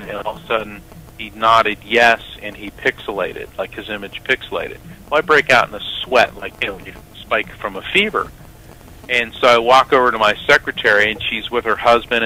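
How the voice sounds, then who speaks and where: Bright-voiced man telling a story. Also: fairly low pitch, slight background noise, low-quality recording. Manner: animated storyteller acting out quoted voices. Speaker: guest, psychic medium and lawyer. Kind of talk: radio interview storytelling. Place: radio interview.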